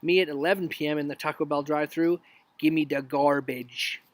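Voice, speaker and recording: A man's voice: on the high side, fairly even intonation, fairly quick, dry recording. Chatty man joking through memes. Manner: chatty and jokey, dropping into whispers for asides. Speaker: youth leader hosting a live stream. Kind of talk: casual live-stream commentary on memes. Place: outdoors.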